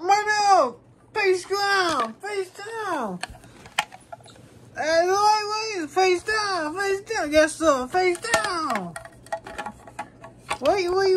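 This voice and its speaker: A woman's voice: very high-pitched, noisy background, voice pushed up. A woman voicing a panicky young driver who stammers and pleads with a police officer. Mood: panicked.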